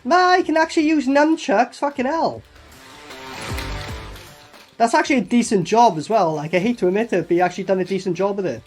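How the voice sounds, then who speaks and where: A man's voice: sits high, expressive, a little fast, pauses often, faint music behind. A man reviewing a movie in sarcastic, mocking commentary full of swearing. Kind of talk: profane commentary over film clips.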